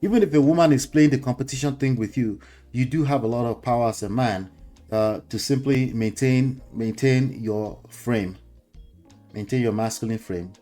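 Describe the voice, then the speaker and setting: A man's voice: mid-range voice, normal speed, mellow. Nigerian man, middle-aged, casual lecturing monologue, chuckles, pidgin asides, faint music behind. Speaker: host.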